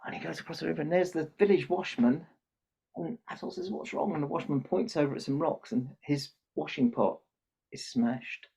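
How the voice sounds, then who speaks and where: Telling a children's story as a podcast guest, the older Santa performer gives the characters their own lines. His voice is a little high, warm, creaky and slightly rough, moving at a moderate pace, captured in muffled lo-fi sound.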